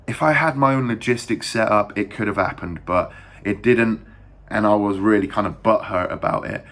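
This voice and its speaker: A young English man telling a story to camera in a casual, rambling and crude way, talking fast with lots of fillers and restarts. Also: lowish voice, a bit bright. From England. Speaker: vlogger.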